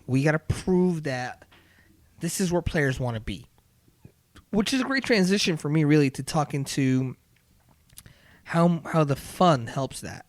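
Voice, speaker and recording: Animated man chatting about hockey. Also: on the high side, measured pace, long pauses, no room sound. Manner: animated, acts out quotes, trails off and restarts. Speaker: podcast co-host. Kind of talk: casual sports chat.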